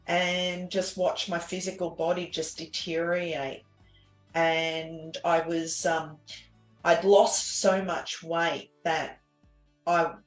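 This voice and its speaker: A woman telling her personal story as an interview guest, earnest and halting, with many restarts and fillers. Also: fairly low pitch. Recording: echoey room with faint music.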